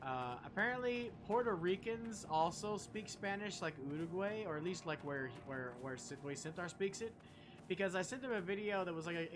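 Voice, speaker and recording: A young man streaming a video game, rambling casually, swearing and chatting to his viewers. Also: high voice. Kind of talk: casual gameplay commentary.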